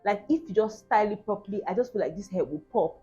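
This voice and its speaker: A woman's voice: mid-range voice, lively intonation, fast, dark tone. Woman vlogger, casual earnest reaction chat, muffled lo-fi audio with faint music. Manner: earnest, chatty, emphatic repetition. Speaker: vlogger host. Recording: dull lo-fi sound, faint music.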